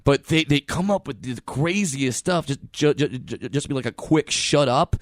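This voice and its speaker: A man with a medium-pitched voice tells comic stories in a chat at normal speed, animatedly acting out the voices of the people he quotes. The studio sound is clean, with no room sound.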